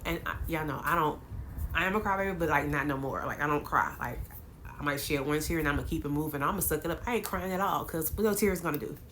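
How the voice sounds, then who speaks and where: A woman's voice: deep voice, fast, slight background noise. A woman vlogger, casually telling her viewers a dramatic story, with lots of laughs. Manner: animated, dramatic retelling with laughs.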